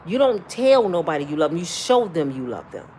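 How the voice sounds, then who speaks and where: A woman's voice: on the low side, sing-song, a little fast, darkish tone, a little hiss or hum. A middle-aged woman talking bluntly and profanely, giving life advice in casual, preachy storytelling.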